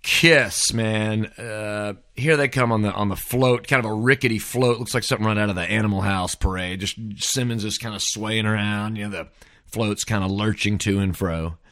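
A man's voice: lowish voice, moderate pace, fairly bright tone, dry recording, studio quality. A middle-aged man hosting a podcast, rambling through a wry, casual solo monologue full of "man" and "dude.". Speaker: podcast host.

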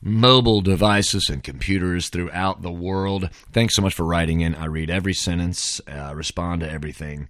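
A man's voice: low-pitched, normal speed, few pauses, a bit bright, no room sound, studio quality. A middle-aged man hosting a podcast, rambling through a wry, casual solo monologue full of "man" and "dude.". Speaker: podcast host.

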